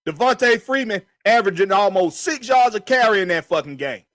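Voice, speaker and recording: Host, male, high voice, heated profane rant, dry close sound. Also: animated, a little fast, fairly bright tone, dry recording. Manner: profane, emphatic, repetitive ranting. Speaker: podcast host.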